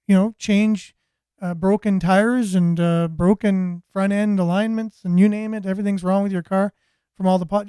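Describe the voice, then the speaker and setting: A man's voice: high-pitched, moderate pace, dark tone, clear, resonant tone, no room sound, studio quality. A man hosting a commentary show, ranting sarcastically with a stream of rhetorical questions. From Canada. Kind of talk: political commentary monologue.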